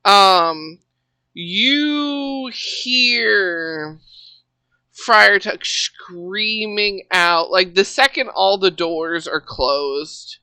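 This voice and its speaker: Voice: medium pitch, very slow, pushed and bright, clear, resonant tone, dry recording. A game master narrating a tabletop horror game, rambling with lots of filler words and restarts.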